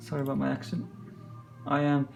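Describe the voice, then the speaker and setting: A man hosting a casual software tutorial, muttering to himself and joking as he gets frustrated. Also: medium pitch, completely flat delivery, brisk, creaky, over music. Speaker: tutorial host.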